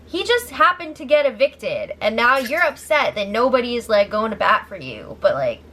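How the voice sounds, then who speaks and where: Casual recap host, a woman with a slightly high voice and a dry, sarcastic edge. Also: sing-song, moderate pace, sharp tone. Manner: sarcastic, incredulous asides.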